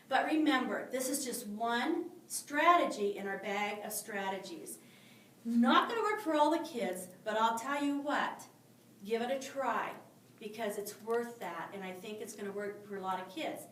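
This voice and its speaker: A woman's voice: fairly high pitch, lively intonation, normal speed, fairly bright tone. A woman teacher trainer explaining classroom discipline strategies, posing frequent rhetorical questions to her listeners. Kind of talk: instructional talk with demonstrations. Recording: roomy, mic at a distance.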